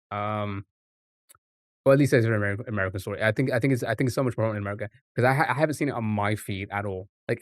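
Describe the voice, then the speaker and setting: A man streaming live, thinking aloud over a word puzzle with frequent pauses and restarts. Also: mid-range voice, no echo, clean studio sound. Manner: halting, restarts often, muses aloud.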